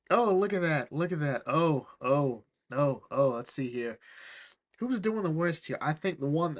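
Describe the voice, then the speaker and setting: Excitable rambling man, somewhat high voice. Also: moderate pace. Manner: rambling, animated, sprinkles "like" and "all right?". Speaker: comics reviewer. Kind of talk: excited casual retelling of a comic.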